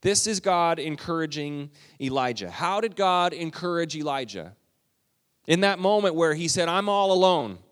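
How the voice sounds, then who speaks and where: A man's voice: fairly high pitch, expressive, normal speed, fairly bright tone, big-room sound. A man preaching a sermon as a pastor, in an earnest, conversational way that builds to urgency.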